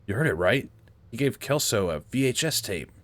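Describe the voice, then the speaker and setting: A man's voice: medium pitch, big pitch swings, moderate pace, fairly bright tone. A man reading as a pushy female TV reporter. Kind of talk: reading game dialogue aloud.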